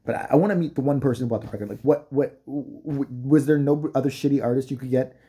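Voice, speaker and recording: A man ranting in a profane, mocking vlog commentary, sometimes slipping into quick impressions. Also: medium pitch, dark tone, slightly rough. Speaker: vlogger.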